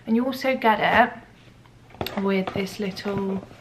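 A woman's voice: mid-range voice, takes it slowly, very noisy. A young woman chatting casually to camera at home, gushing and rambling with lots of "like"s. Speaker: vlogger. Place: at home, kitchen.

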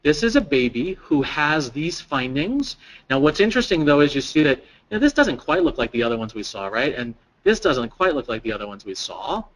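A man's voice: on the high side, sing-song, fairly quick, poor audio. A man giving an interactive training lecture to a live audience, putting questions to the room and repeating people's answers. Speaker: presenter at a staff training.

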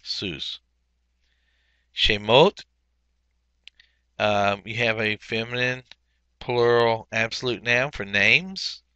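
A man teaching a Biblical Hebrew workbook lesson, explaining methodically step by step and pausing often with fillers. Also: on the low side, bright, forceful tone, clear, resonant tone, no echo, lo-fi sound. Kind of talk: recorded workbook walkthrough lesson.

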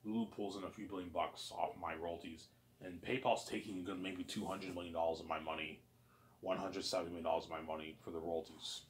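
A man's voice: low voice, flat delivery, fast, a little hiss or hum. A man in a casual monologue who rambles and uses lots of "like" and "man" and some swearing. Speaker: channel host.

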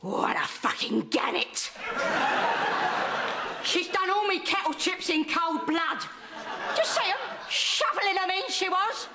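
A woman's voice: very high-pitched, lively intonation, measured pace, heavy background noise. A woman playing a two-faced old grandmother with a London Cockney accent, sweet to people's faces and swearing behind their backs. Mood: muttering insults. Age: older. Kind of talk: sitcom sketch acting.

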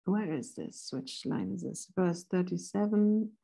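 A woman instructor giving a philosophy seminar lecture, thoughtful and pausing now and then to look up verse numbers. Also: on the low side, vocal fry, warm tone, breathy edge. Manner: reads quoted passages slowly and deliberately.

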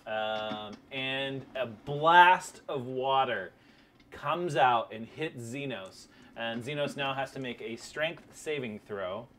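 A man running a tabletop role-playing game as game master, narrating with many pauses and restarts. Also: mid-range voice, a bit bright, slight background noise. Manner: halting, many ums and restarts.

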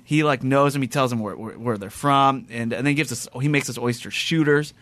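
A man hosts a casual podcast conversation, his medium-pitched voice fairly quick on a dry recording. His long story rambles, full of restarts and animated, acted-out quotes.

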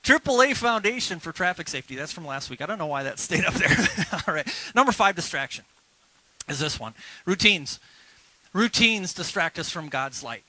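A male pastor preaching a lively sermon at a church service, urging the congregation to repeat phrases after him. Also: fairly high pitch, moderate pace, no room sound, rough recording.

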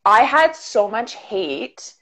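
A woman's voice: on the high side, big pitch swings, fairly bright tone. A woman from Ottawa, a YouTuber guest, chatting casually with lots of "like" and fillers over a video call. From Canada, Ottawa. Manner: chatty, fast, filler-heavy with frequent "like". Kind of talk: casual chat. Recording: dull lo-fi sound.

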